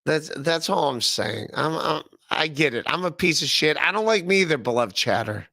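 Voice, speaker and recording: A gravelly man from Ohio in his thirties, talking to his chat on a livestream podcast. His voice has a bright, forceful edge, and his rambling, profane talk keeps breaking into laughter. The sound is dry and close to the mic. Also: a little high, lively intonation, normal speed, no room sound. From Northeast Ohio. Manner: rambling, profane, laughing often, repeating himself. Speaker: podcast host. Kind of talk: casual livestream chat reading chat comments.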